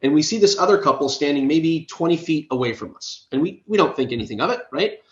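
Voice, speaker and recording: A man's voice: on the high side, expressive, fast, roomy sound, lo-fi sound. A man, an app co-founder, casually telling a story in a podcast interview, often checking in with "right?". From United States.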